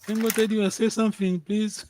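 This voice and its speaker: A man's voice: sits high, little pitch movement, moderate pace, a little mellow, a little hiss or hum. A man teaching a language lesson over a video call, patiently repeating and checking that his students follow.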